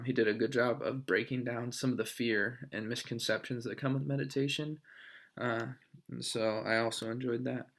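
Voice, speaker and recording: A young man, a student, recording a discussion post in a thoughtful, halting way with many fillers. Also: medium pitch, a little hiss or hum.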